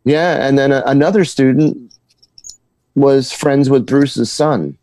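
Halting, chatty New man. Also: medium pitch, dark tone. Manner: halting, repeats words, laughs while telling stories. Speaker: guitar teacher and musician. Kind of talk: casual interview storytelling.

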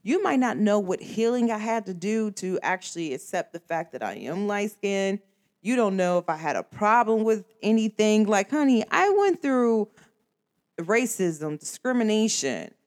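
A woman rants to her audience in a casual, conversational monologue. She talks in an emphatic, slangy way and speaks straight to the listener. Her pitch swings widely as she makes her points. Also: darkish tone. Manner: emphatic, slangy and conversational, addresses viewers directly. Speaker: vlogger.

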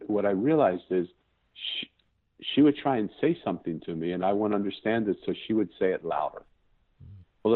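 Husky-voiced man on a tinny line. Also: on the low side. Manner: earnest, searching for words, restarts sentences. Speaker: podcast guest. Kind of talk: reflective personal storytelling.

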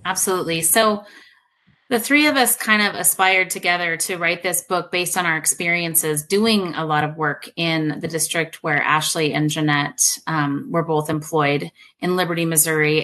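Woman guest author, earnest and passionate, bright tone, lowish pitch. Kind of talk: interview answers.

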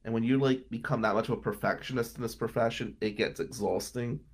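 Fairly quick and fairly even in intonation, this man in his thirties speaks in a frank interview monologue about the struggles of his early days as a trial attorney in Atlantic City. His talk is blunt and profane, swinging between subdued and heated.

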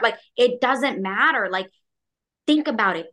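A woman talking candidly as a podcast guest, expressive and loose, full of filler words and acted-out quotes. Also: on the high side, a little slow. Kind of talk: candid casual conversation.

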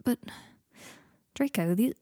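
A woman voicing a guilty, flustered young man who stammers, often breathy and strained. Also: takes it slowly, warm tone, dry recording, close to an everyday voice.

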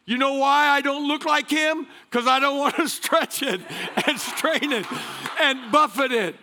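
A man preaching a passionate sermon in a church, shouting and laughing as he goes. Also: very high-pitched, unhurried. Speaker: guest pastor. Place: large church sanctuary.

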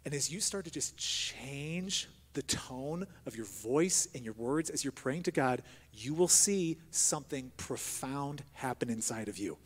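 A man preaching a sermon as pastor, moving between hushed prayer and loud, emphatic exhortation. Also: medium pitch, animated, measured pace, hardly any pauses. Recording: long hall reverb.

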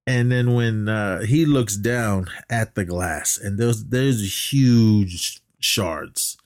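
A podcast co-host with a lowish voice recaps a movie in a casual, rambling way, drawing out his words, filling gaps with fillers and restarting sentences. He coughs now and then, and the studio sound is clean with no room noise.

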